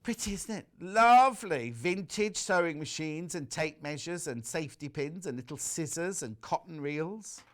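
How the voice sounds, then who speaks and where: Lively chatty man hosting a sales show. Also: on the high side, moderate pace, hardly any pauses. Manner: chatty and teasing. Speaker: shopping channel host. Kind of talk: live product presentation. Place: TV studio.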